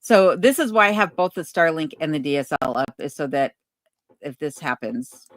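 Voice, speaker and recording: Relaxed woman hosting a livestream Q&A. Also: sits low, no room sound, studio quality. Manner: relaxed, unhurried, many ums, reads chat comments aloud. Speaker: channel host answering viewer questions. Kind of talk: casual livestream Q&A. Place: home cabin in remote Alaska.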